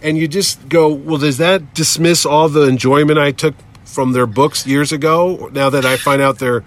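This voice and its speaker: Animated storytelling man. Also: a little high, moderate pace, a little hiss or hum. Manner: acts out quoted people in shifting voices, rambling and animated. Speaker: podcast host. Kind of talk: casual chat, animated storytelling.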